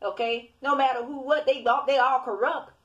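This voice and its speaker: A woman's voice: sits high, steady tone, moderate pace, dull audio. A woman preaching to an online audience in a loose, informal way. She scolds her listeners and piles up repetitions, checking in with a constant "okay?". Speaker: self-made online preacher.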